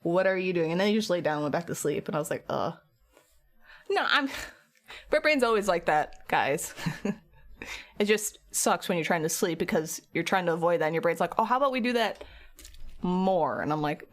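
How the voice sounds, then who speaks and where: A woman's voice: mid-range voice, fairly bright tone. A tired young woman streamer chatting with viewers, rambling through a story and acting out her own quotes. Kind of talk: casual chat with stream viewers.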